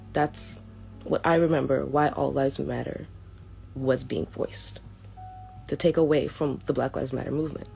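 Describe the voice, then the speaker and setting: Reading a written statement to camera, a young woman vlogger speaks in a low, gravelly voice, earnest and somewhat halting, restarting often. Soft music plays faintly in the background.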